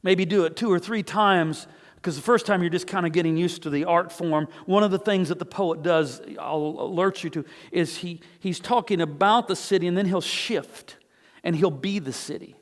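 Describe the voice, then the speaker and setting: A man with a high voice preaches in a church, his words trailing off into a long reverb. He reads scripture passages with growing intensity, speaking earnestly as a pastor to his congregation. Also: normal speed. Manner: earnest, reads scripture aloud with rising emotion. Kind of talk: sermon. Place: church sanctuary.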